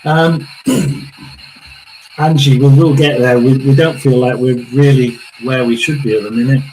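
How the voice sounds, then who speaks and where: A man hosting a live tarot and spirit box session, talking haltingly, repeating words and often clearing his throat. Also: mid-range voice, fairly even intonation, a little mellow, slight background noise, rough recording.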